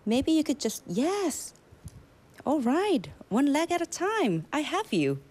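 A woman yoga instructor gently coaching a student through a headstand, encouraging her step by step. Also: high-pitched, very animated, slow.

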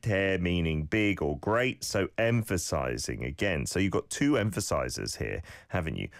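A man hosting a radio language lesson, encouraging listeners and modelling phrases with lively emphasis. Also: sits low, dry recording, studio quality. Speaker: radio host teaching Korean phrases.

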